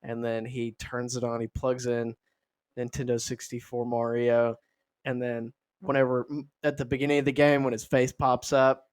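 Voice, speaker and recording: A man's voice: medium pitch, level tone, normal speed, smooth. Young man spinning playful what-ifs. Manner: spins playful what-if scenarios, laughing often. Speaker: podcast co-host. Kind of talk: casual comedic chat.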